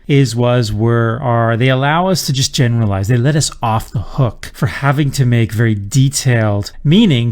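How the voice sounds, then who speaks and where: A man teaching a writing lesson in an explanatory manner, reading example sentences aloud. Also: medium pitch. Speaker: writing instructor. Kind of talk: lecture on writing.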